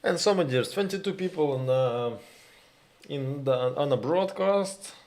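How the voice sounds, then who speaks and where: A Ukrainian man with a Ukrainian accent, hosting a live stream in halting English, reading viewer comments and calling his viewers "my dears". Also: fairly high pitch, lively intonation, darkish tone. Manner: halting, searching for words, addresses viewers as "my dears".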